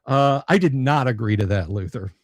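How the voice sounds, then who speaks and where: A man hosting a casual livestream chat, talking in a blunt, sarcastic way and swearing freely. His voice sits at an ordinary pitch for a man. The sound is dry and close. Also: lively intonation, normal speed, no room sound. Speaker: host of a tabletop gaming channel.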